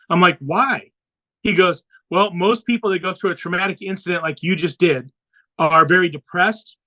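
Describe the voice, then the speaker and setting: A man with a high, bright voice tells a personal story as a podcast guest. He speaks earnestly and slips into the voices of the people he quotes. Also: rough recording.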